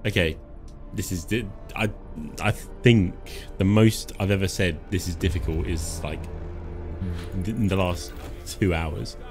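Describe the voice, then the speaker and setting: A man's voice: low voice, a little slow, darkish tone, faint music behind. A man giving casual live commentary while playing a game, joking and chuckling as he talks to himself and his chat. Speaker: live-stream gamer.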